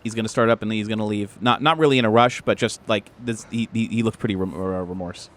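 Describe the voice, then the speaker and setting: A man's voice: on the low side, fast talker, a bit bright. Man, game master, narrating a tabletop scene, rambling, lots of fillers. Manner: loose, rambling, many fillers.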